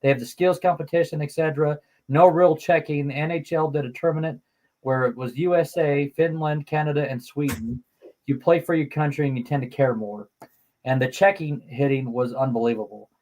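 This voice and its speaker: A man co-hosting a casual sports talk show, relaxed, reading listener messages aloud with plenty of you knows. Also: fairly high pitch, a little fast, rough recording. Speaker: co-host.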